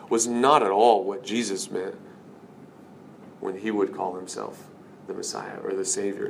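A man's voice: fairly low pitch, a little hiss or hum. A male pastor preaching a sermon in a conversational, emphatic way.

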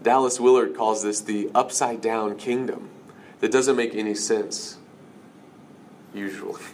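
A man's voice: fairly low pitch, fairly even intonation, unhurried, darkish tone, slight background noise. A male pastor preaching a sermon in a conversational, emphatic way.

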